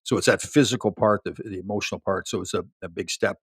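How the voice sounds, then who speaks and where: Older male guest, husky, quick, low voice; dry close sound. Animated storyteller. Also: no room sound. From Canada. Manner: animated storyteller, laughs, many restarts. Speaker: guest, former pro hockey player. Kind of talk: casual storytelling interview.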